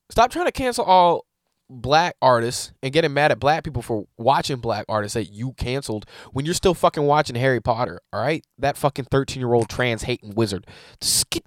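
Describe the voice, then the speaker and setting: A man co-hosting a comedy podcast in casual chat, ranting in an animated, profane way. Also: a little high, no echo, clean studio sound.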